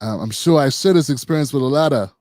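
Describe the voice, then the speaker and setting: A man's voice: mid-range voice, lively intonation, darkish tone, no room sound. Reflective man in his fifties, dry sound. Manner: reflective, conversational, frequent pauses. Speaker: podcast co-host. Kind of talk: panel discussion.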